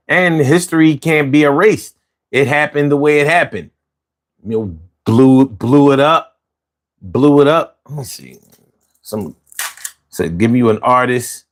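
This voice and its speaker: Tired, loose-talking male stream host. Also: medium pitch. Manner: loose, repetitive, slangy, restarts words. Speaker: livestream show host. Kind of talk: casual livestream chat.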